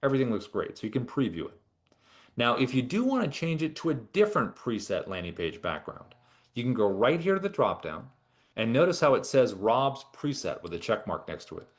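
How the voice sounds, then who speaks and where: A man giving a relaxed, chatty software tutorial as a product trainer. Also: medium pitch, fairly quick. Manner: relaxed, chatty, with lively ups and downs. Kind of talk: casual screen-share tutorial.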